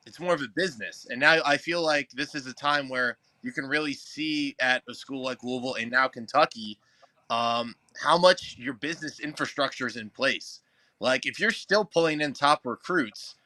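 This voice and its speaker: A man's voice: medium pitch, sharp tone, no echo. A man hosting a casual sports talk show, rambling and thinking aloud with plenty of fillers. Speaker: sports radio host.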